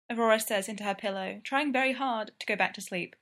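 A woman narrating a story aloud in a calm, even manner. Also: a little high, fast talker. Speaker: story reader. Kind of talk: storybook reading.

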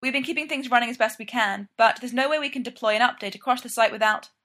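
Lady doing an earnest sorry-sounding tech lead guy, bright tone. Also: a little high, quick pace. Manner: earnest and apologetic. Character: earnest, dutiful male engineering lead.

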